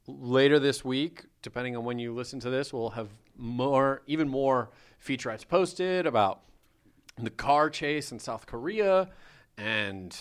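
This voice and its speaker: A man's voice: medium pitch, a little slow, clear, resonant tone. A man co-hosting a casual podcast, joking and teasing while he runs through news. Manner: jokey, teasing, rambling. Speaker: podcast co-host. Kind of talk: casual chat.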